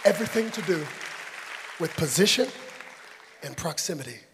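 A man preaching a sermon to a congregation as pastor, swinging from loud shouts to hushed, whispered lines. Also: fairly high pitch, lively intonation, moderate pace, creaky, big-room sound, a crowd in the background, background noise. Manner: preaches with rising shouts and soft whispered asides. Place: church sanctuary before a congregation.

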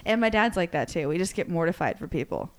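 Animated woman telling stories with a lively voice. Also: fairly low pitch, quick pace. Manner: animated, self-deprecating storytelling. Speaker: podcast co-host. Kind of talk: casual chat.

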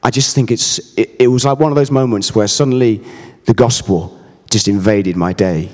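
A man's voice: on the low side, normal speed, long reverb tail. A man in his thirties preaching a sermon, earnest and emphatic, mixing scripture with personal stories. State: briefly emotional.

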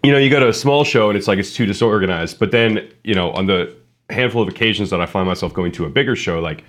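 A man hosting a casual podcast, talking in a relaxed, meandering way with plenty of filler words. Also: on the low side, fast. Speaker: podcast host.

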